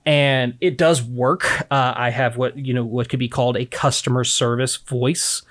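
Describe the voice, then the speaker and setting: Male co-host, casual and quick, animated, mid-pitched. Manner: fast-talking, animated, swearing freely. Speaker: podcast co-host. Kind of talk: casual chat.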